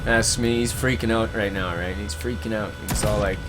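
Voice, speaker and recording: Between chat comments on his gaming livestream, this host tells stories in a relaxed, chuckling way, doing voices when quoting friends. He speaks at a moderate pace with a fairly low, steady tone over background music.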